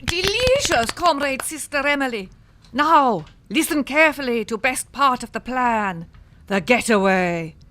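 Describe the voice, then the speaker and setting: An actress playing a bossy, scheming Soviet nun leader in an amateur comic radio play, talking conspiratorially. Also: female voice, high-pitched, big pitch swings, unhurried, noisy background.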